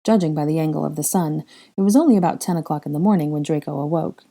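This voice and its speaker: A woman reads a story aloud in a measured, even narration. Her voice is low and mellow. She drops in wry asides as she goes. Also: creaky. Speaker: fan fiction reader. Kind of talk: audiobook narration.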